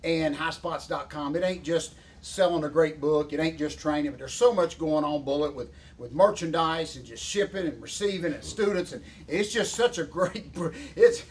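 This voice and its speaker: Excitable high-voiced man. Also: moderate pace, hardly any pauses, slight background noise. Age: 50s. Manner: folksy, excitable, rambling. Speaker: show host. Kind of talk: casual banter.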